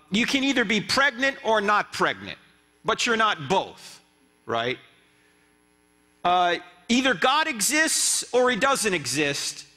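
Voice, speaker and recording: Animated man lecturing in a reverberant church. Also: sits high. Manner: animated, asks the crowd rhetorical questions, joking asides. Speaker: guest speaker and apologist. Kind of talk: lively church lecture with audience banter. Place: church sanctuary. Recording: long reverb of a church hall.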